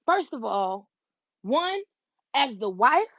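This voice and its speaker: A woman in her twenties hosting a podcast, telling stories in a casual, animated way, with slang and frequent asides to her listeners. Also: high voice, slow pace, no room sound, lo-fi sound. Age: 20s. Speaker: podcast host. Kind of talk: casual solo podcast chat.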